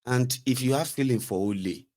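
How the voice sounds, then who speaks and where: Here the same kind of host, a Nigerian man, speaks briskly in a slightly mellow mid-range voice. His political talk is loose and scoffing, mixing English with pidgin.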